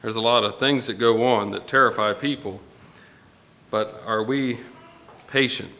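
A man preaching a Sunday morning sermon to his congregation, unhurried and pausing often with fillers. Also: mid-range voice, fairly even intonation, vocal fry, pushed and bright. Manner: unhurried, pausing with fillers, reading scripture aloud. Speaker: pastor. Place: church sanctuary. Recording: long hall reverb with faint ambience.

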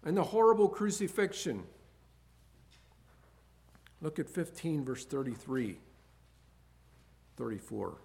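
Gravelly-voiced man preaching with swelling intensity. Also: big pitch swings, takes it slowly, pauses often. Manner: swings from quiet low musing to loud impassioned emphasis; reads scripture aloud in King James wording. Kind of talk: sermon.

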